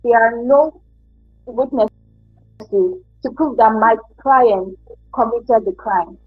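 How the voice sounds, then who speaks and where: A woman plays an insistent defense lawyer with a high, husky voice. She argues formally and repeats phrases for force. The sound is dry and slightly dull, with faint music behind. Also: takes it slowly, no echo. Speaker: defense attorney in a mock trial. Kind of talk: student courtroom role-play.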